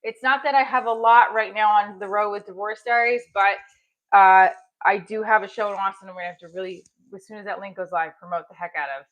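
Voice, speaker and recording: A woman's voice: medium pitch, fairly even intonation, fast talker, fairly bright tone. A middle-aged woman hosting a casual livestream, chatting while she exercises, with small effortful grunts. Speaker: livestream host.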